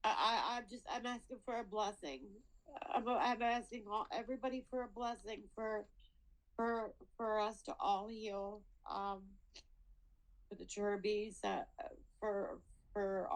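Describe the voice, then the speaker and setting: This woman, mid-range and steady in tone, begs on behalf of her father at a hearing held by video call. Struggling with tears, she stumbles and repeats words, captured on a low-quality recording.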